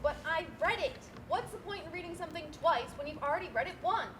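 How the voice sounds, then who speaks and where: A woman's voice: very high voice, fast, pushed and bright, slight background noise. A woman playing a harried, stiffly formal female bank manager in a live stage play, recorded on a school stage. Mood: exasperated. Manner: stiff, formal, increasingly exasperated. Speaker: stage actor.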